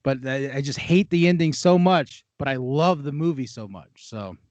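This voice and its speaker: Man telling animated stories, dry lo-fi. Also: mid-range voice, normal speed, no room sound. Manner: animated storyteller, laughs often. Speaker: podcast co-host. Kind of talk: casual chat. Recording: dull lo-fi dry sound.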